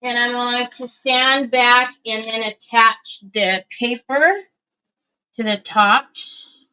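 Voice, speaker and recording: A woman's voice: on the high side, fairly even intonation, takes it slowly, pushed and bright, smooth, muffled recording. A woman hosting a casual craft livestream, chatting with viewers as she works and thinking aloud.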